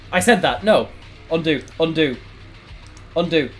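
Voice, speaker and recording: A man streaming a text adventure game, reading it aloud and reacting with sudden loud outbursts. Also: fairly high pitch, animated, measured pace, long pauses. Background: faint background music.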